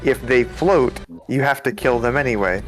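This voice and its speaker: A man's voice: medium pitch, moderate pace, soft background music. A man chatting with a streamer in a teasing way, laughing often. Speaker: co-host on stream. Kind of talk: casual banter.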